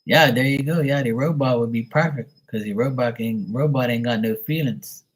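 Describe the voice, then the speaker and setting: A man's voice: mid-range voice, moderate pace, breathy edge. A man hosting a live stream, telling jokey stories in casual, profane chat and laughing often. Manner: profane, joking storyteller who laughs often. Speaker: livestream host.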